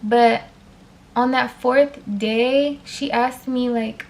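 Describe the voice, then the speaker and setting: A woman telling a personal story to her viewers in a casual storytime vlog, animated, with frequent fillers and direct asides to them. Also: on the high side, slow, slight background noise.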